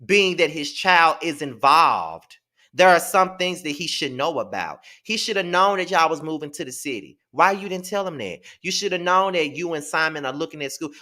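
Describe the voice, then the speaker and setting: A man's voice: on the high side, animated, normal speed, bright, forceful tone. A man hosting a live TV episode review, talking emphatically and repeating himself in exasperation. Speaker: host.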